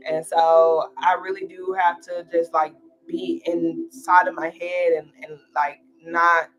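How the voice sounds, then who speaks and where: A woman's voice: on the low side, level tone, takes it slowly, faint music behind, rough recording. A young woman talking casually on a tarot livestream, chatty and slangy with lots of fillers.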